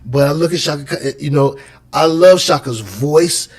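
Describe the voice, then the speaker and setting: A man's voice: on the high side, moderate pace. Talkative man telling stories. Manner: storytelling, with many restarts. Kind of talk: casual conversation.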